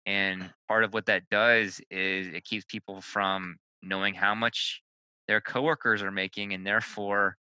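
A man in a casual discussion who talks with animated restarts and brief asides. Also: on the low side, unhurried, clear, resonant tone, no room sound, rough recording. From United States. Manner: animated storyteller, frequent restarts.

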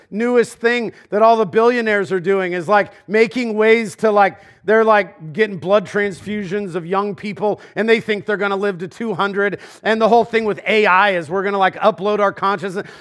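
A man's voice: high voice, a bit bright. A man preaching a sermon as pastor, in a casual, conversational way with frequent fillers and asides. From Los Angeles. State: preaching with a swollen knee in a brace.

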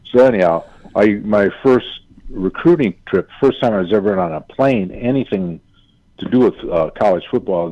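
An older man from Michigan, a former football player, telling lively anecdotes on a radio show and acting out his family's voices. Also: low-pitched, dull audio. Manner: animated anecdotes, acts out quoted family voices. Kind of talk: casual storytelling on radio.

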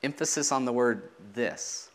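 A man's voice: mid-range voice, measured pace. A man preaching a sermon in a teaching manner, asking rhetorical questions and letting his voice drop at the ends of phrases.

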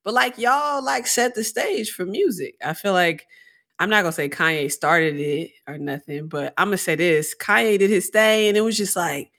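A woman's voice: mid-range voice, normal speed, a bit bright. Enthusiastic woman host, slangy chat. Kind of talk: casual conversation.

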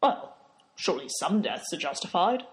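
A man's voice: high-pitched, very animated, moderate pace. A young man playing a dry, sarcastic, skeptical volunteer in a comedy sketch.

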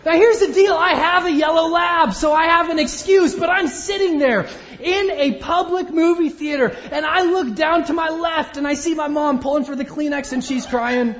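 A man in his thirties delivers a sermon, mixing personal storytelling with self-deprecating humor. His voice sits very high for a man. The sound is slightly dull and carries a long hall reverb, like a church auditorium. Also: normal speed, a bit bright, a little hiss or hum. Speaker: pastor.

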